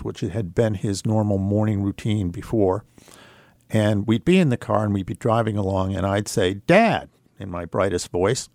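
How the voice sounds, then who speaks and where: Older man, low voice, reflective storyteller. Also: darkish tone, no room sound, clean studio sound. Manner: measured, reflective, with hesitant pauses. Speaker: radio guest. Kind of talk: personal storytelling on talk radio.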